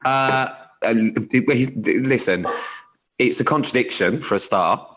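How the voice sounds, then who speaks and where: A man's voice: medium pitch, slow pace, a bit bright. A man co-hosting a podcast, chatting casually with frequent restarts and swearing. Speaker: podcast co-host. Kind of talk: casual chat.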